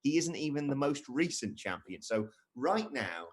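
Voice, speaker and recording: A man's voice: mid-range voice, very animated, normal speed, a little hiss or hum. A young man co-hosting a live stream, casually reading viewer comments aloud with jokey asides.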